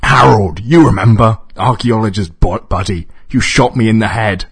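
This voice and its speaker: A man voicing a raspy, menacing male stranger on the phone who snarls, loses his thread and gets annoyed. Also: a bass voice, steady tone, normal speed, fairly bright tone, dry recording, studio quality, heavily acted. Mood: shouting.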